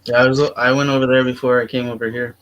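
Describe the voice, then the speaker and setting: A man's voice: mid-range voice, flat delivery, quick pace, fairly bright tone, highs cut off. A man in casual chat on a stream, eager and teasing.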